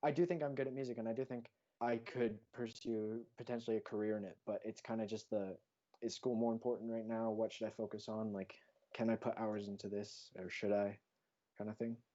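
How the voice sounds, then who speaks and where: A man's voice: lowish voice, little pitch movement, a little fast, dark tone. A teenage boy from Hawaii, a podcast guest talking over a video call, rambling with lots of fillers and self-corrections. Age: teens. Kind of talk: casual chat. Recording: lo-fi call audio.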